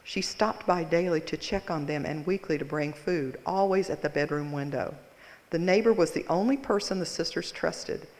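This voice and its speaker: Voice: medium pitch, normal speed, darkish tone. A conference presenter telling a story in a wry, self-mocking and dramatic way, then reading a case aloud. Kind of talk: storytelling keynote talk. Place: large conference hall. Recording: roomy hall reverb.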